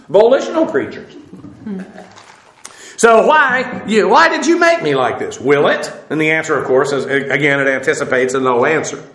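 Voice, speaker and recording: Male Bible teacher, bright and sharp tone, halting delivery with restarts and spelled-out words, recorded with room echo. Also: sits high. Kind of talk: verse-by-verse Greek text lesson.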